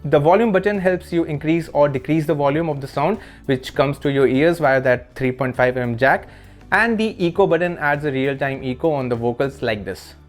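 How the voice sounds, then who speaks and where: A man's voice: fairly high pitch, normal speed, faint music behind. A man reviewing a desk microphone he is testing, explaining casually with playful asides. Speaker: tech reviewer. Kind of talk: product review narration. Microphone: desk condenser microphone under test.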